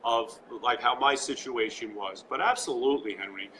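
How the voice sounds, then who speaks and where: A man's voice: medium pitch, normal speed, pushed and bright, slight background noise, rough recording. A man from New York with a New York accent, a guest talking fervently at home and peppering his talk with "you know". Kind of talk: casual interview chat.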